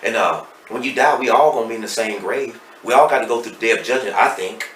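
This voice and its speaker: A middle-aged man with a Texas accent, speaking as a podcast guest and telling his story candidly and emotionally, swinging between loud and hushed. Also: lowish voice, fast, recorded from a distance. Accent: Southern US, Texas. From Dallas, Texas. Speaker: podcast guest, hip hop artist. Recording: roomy echo, off-mic, faint noise.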